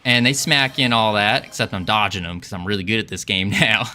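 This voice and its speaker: A man's voice: on the low side, brisk, pushed and bright. A man, an indie game developer, demoing his game on a casual livestream in a jokey put-on Southern drawl and laughing often.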